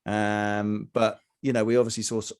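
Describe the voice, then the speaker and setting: Hesitant low-voiced man, halting chat. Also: level tone, clean tone. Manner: halting, many ums and restarts. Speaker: podcast co-host. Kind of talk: casual review chat.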